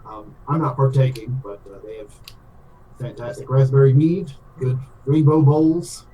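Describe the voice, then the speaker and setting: A man's voice: medium pitch, steady tone, a little slow, mellow, natural voice. A man voicing a polite, flustered adult male adventurer who talks formally and keeps insisting everything is fine. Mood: hospitable. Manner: formal and fussy, repeats reassurances. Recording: roomy echo, mic at a distance.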